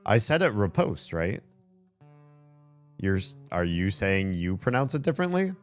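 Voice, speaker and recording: A man's voice: low voice, big pitch swings, unhurried. A man streaming a game, chatting casually and rambling aloud with plenty of fillers, with faint game music behind him. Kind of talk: casual gameplay commentary chat.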